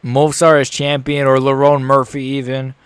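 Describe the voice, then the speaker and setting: A young man streaming a live fight reaction, excitable, swearing and repeating himself as he swings from groaning despair to shouting. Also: mid-range voice, normal speed, smooth, dry recording.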